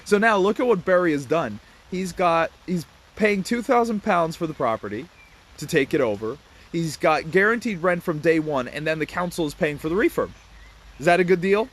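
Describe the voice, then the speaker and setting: A man's voice: a little high, animated, fairly bright tone, slight background noise. A man casually telling a property investment story to his audience, acting out the voices of the people in it with a laugh, and greeting passers-by as he goes. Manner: acts out dialogue in quick asides, laughs between points; greets passers-by mid-talk.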